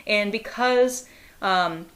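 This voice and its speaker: With a medium-pitched voice and a Pittsburgh accent, a young woman from that area reviews things as a guest on a casual podcast. Her talk is lively, full of fast asides and laughs.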